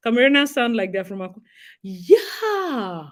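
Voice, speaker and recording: A young woman with a Nigerian accent, hosting a casual talk and chatting in a lively way with bits of Pidgin. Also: high-pitched, normal speed. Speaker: host. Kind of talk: casual monologue.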